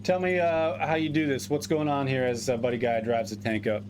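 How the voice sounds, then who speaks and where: A man running a tabletop war game as game master, giving rulings at an unhurried, measured pace over an online call. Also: mid-range voice, steady tone, a little mellow, slight background noise.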